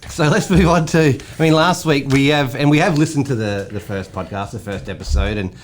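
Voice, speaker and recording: A man's voice: mid-range voice, fairly quick, slight background noise. A man, co-hosting a casual podcast, teasing his co-host and laughing often. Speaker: podcast co-host, real estate agent. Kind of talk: casual chat.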